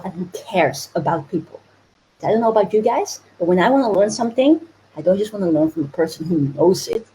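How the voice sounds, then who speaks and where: A woman's voice: on the low side, dark tone, slight background noise, rough recording. A woman hosting a live online challenge, giving a bubbly, upbeat motivational talk, often laughing and urging viewers to comment. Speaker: host of an online business challenge.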